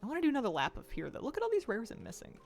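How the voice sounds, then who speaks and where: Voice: medium pitch, wildly swooping pitch, racing, gravelly. A streamer chatting casually at a home desk while gaming, reading out viewer messages and cooing at a pet cat in a playful baby voice. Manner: reads out and answers viewer chat.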